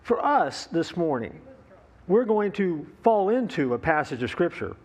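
A man's voice: a little high, sing-song, measured pace, darkish tone. A male pastor preaching a sermon, opening with a folksy joke, with fillers and easy asides.

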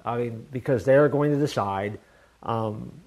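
A man's voice: mid-range voice, moderate pace, darkish tone. A man preaching a sermon in an earnest, conversational way, telling a personal story with many restarts. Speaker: pastor.

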